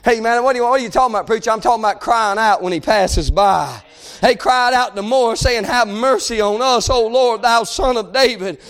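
A male preacher, delivering an impassioned, folksy sermon in a church that swells into shouts. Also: very high voice, brisk, hardly any pauses.

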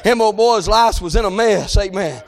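Male preacher, very high voice, fervent sermon delivery that swells into shouts, peppered with amens. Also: normal speed. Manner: calls out "amen" and "hey" between phrases.

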